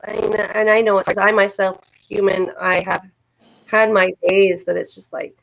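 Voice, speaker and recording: Woman stream co-host, gravelly, earnest, repeats for comfort. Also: mid-range voice, flat delivery, moderate pace, low-quality recording. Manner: earnest, encouraging, repeats herself. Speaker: livestream co-host. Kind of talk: casual supportive chat.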